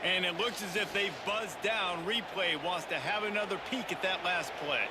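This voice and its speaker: A man calling football play-by-play in a brisk, measured announcer manner. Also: high voice, very noisy, natural voice. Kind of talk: sports commentary. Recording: game audio under loud sound effects.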